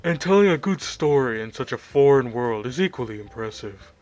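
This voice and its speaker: A man voicing a shy, bookish young woman while reading a visual novel aloud, keeping his delivery low and hushed. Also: animated, brisk, faint music behind, close to an everyday voice. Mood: earnest.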